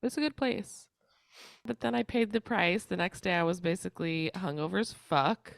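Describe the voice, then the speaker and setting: A woman's voice: on the low side, moderate pace, creaky, no room sound, studio quality. A young woman co-hosting a casual podcast, congested and chatty, rambling with lots of fillers. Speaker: co-host.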